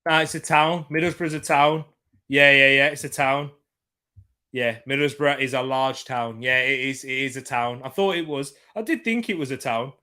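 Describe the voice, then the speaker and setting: Male host, casual live football watchalong commentary, rambling and repetitive, mid-pitched voice, chatting with his viewers. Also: normal speed, bright, forceful tone. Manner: rambling, repeats himself, reads out chat comments.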